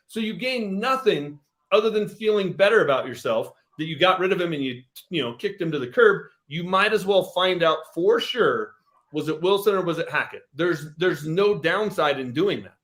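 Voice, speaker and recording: A man's voice: sits high, a bit bright. A male sports radio host reasoning through a football argument, often restarting his sentences. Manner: analytical, stumbles and restarts while reasoning. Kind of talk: sports talk radio debate.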